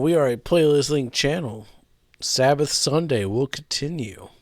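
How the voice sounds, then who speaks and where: A man's voice: mid-range voice, sing-song, measured pace, no room sound, clean studio sound. A man hosting a casual music podcast, loose and playful with some swearing. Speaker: podcast host. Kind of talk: casual chat.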